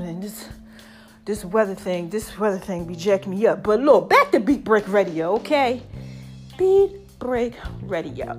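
A middle-aged woman hosting her podcast, talking in an animated, preachy way and a little out of breath. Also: mid-range voice, moderate pace, soft background music. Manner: animated, preachy, hypes her shows, calls listeners y'all and baby. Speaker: podcast host. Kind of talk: casual monologue to listeners.

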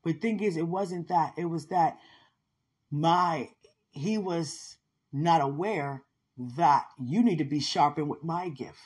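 A woman's voice: deep voice, slow pace, darkish tone, breathy edge. A woman hosting a spiritual podcast, talking fervently to her listener and breaking into frequent laughter and exclamations. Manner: laughs often, exclaims and testifies with rising fervor. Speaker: podcast host.

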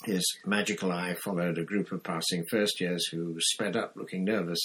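Casting: low, husky male narrator, steady audiobook reading. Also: moderate pace, poor audio. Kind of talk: scripted narration.

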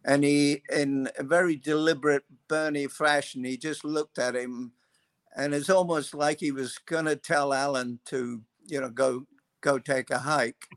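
An older man, a guest, telling long anecdotes in an unhurried, loose way, full of pauses and fillers. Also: a little high, fairly even intonation, no echo. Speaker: guest, former racing mechanic. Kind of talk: anecdotal storytelling.

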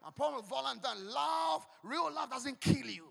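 A man with a Ghanaian English accent, preaching a fiery sermon in church, shouting and repeating declarations. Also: very high voice, expressive, moderate pace, vocal fry. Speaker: pastor. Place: church hall. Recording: long echoing hall.

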